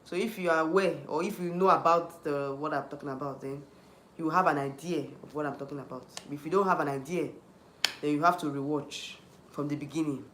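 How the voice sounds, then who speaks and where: A man's voice: on the high side, steady tone, fairly quick, a bit bright, reverberant, slight background noise. A man with a Nigerian accent hosting a livestream, ranting heatedly, repeating himself and restarting often while answering chat. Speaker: YouTube livestream host.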